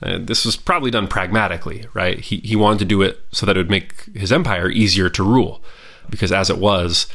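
A man with a somewhat low voice talks through a history topic in a casual, opinionated way. He restarts his sentences and hedges as he goes, like a host chatting on his own podcast. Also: fairly even intonation, fairly quick, creaky, fairly bright tone.

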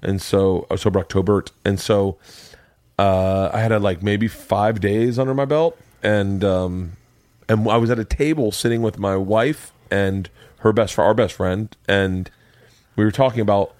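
A man hosting a podcast in casual chat, an animated storyteller who laughs often, on a podcast mic in a home studio room. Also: on the low side, unhurried, dry recording. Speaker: podcast host.

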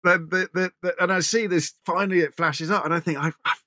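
A man's voice: high-pitched, steady tone, fairly quick, bright, forceful tone, no room sound, clean studio sound. A middle-aged male radio presenter telling anecdotes in a chatty interview, stumbling over restarts as he goes. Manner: chatty anecdotal, frequent restarts and repeated words. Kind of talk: conversational interview storytelling.

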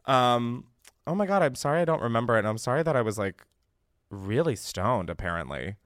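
A man's voice: mid-range voice, very animated, a little fast, a bit bright, dry recording. Young male podcast host, rambling self-mocking talk, close dry sound. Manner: rambling, self-deprecating, swearing. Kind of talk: casual comedic monologue.

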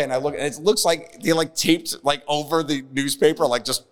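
Fast-talking man telling stories. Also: fairly high pitch. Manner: animated, acts out others' voices in his stories. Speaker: podcast guest. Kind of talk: casual storytelling chat.

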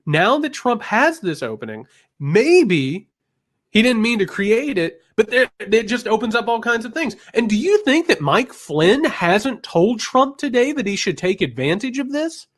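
A man co-hosts a heated political podcast, his voice pitched high for a man. He talks in emphatic bursts of outrage that drop into low, grim asides. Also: sing-song, a little slow. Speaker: podcast co-host, political commentator.

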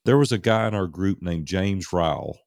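A man's voice: low-pitched, animated, moderate pace, vocal fry, a little mellow, no echo, clean studio sound. A middle-aged man, a podcast guest, telling a candid personal story in an earnest, conversational way and repeating words for emphasis.

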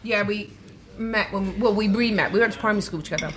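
A woman guest chatting over a restaurant meal, giggly and warm-hearted, talking easily. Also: mid-range voice, quick pace, crowd noise. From London. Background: cutlery and dishes clattering.

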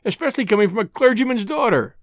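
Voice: mid-range voice, animated, fast, dry recording, voice pushed up, close to an everyday voice. An audiobook reader voicing a wry, easygoing young man with a dry, understated wit. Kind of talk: audiobook reading.

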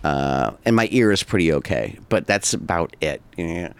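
A man hosts a podcast in an easygoing, rambling way, with plenty of "like" and "you know" and frequent laughter. His pitch moves about a lot as he talks. The voice sits close to the mic in a dry, dead room. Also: sing-song, moderate pace, creaky, smooth, no room sound. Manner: rambling, laughs often, many fillers. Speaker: podcast host. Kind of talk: casual chat.

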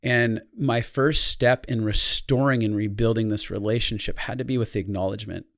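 A man's voice: on the low side, fairly even intonation, moderate pace, gravelly, a bit bright, dry recording, studio quality. A man who works as a speaker and life consultant, talking in a podcast conversation, telling a personal story in an earnest, reflective way.

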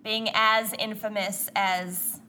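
A young woman co-hosting a podcast in casual chat, giggly and animated. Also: medium pitch, slow, a little hiss or hum. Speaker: podcast co-host.

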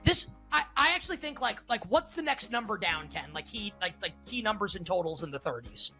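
Quick bright guy rambling about bets, lots of likes and restarts. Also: high voice, lively intonation, faint music behind. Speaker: sports betting podcast co-host. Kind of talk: casual chat.

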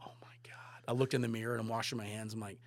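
A man, a photographer and director, telling stories in a casual podcast chat, animated and swearing freely. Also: lowish voice, racing, no echo.

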